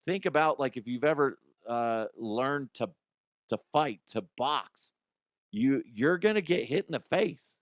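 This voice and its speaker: Middle-aged man, podcast host, blunt, profane, bursts into loud acted quotes, average pitch, dry close sound. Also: lively intonation, measured pace, no echo. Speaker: podcast host and youth coach. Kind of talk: casual monologue.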